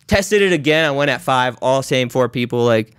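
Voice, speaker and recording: A man in his thirties telling a story as a podcast guest, animated and swearing constantly while acting out quotes. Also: medium pitch, normal speed, clear, resonant tone. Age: 30s. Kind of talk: casual storytelling.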